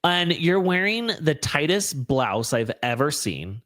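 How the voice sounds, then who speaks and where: A male podcast host talks in a loose, gossipy way, full of fillers and quick asides. His pitch swings widely as he talks. The sound is close and dry, with no room around him. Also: very animated, fairly bright tone, dry recording. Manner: chatty, lots of fillers, playful asides. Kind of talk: casual chat.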